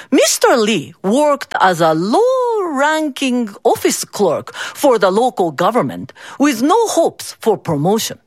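A woman's voice: mid-range voice, no room sound, studio quality. A woman narrating a folk tale expressively to listeners. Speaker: storyteller. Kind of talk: storytelling narration.

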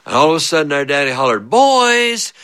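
A man telling a funny childhood story, animated and chuckling often, with big swings of voice. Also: medium pitch, very fast. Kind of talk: spoken storytelling.

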